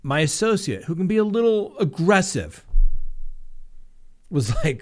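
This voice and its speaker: This man's voice sits a little high and moves at a brisk pace. Middle-aged and a defense attorney, he hosts a live stream where he swaps courtroom tales in an easygoing way, imitating each person's voice as he goes.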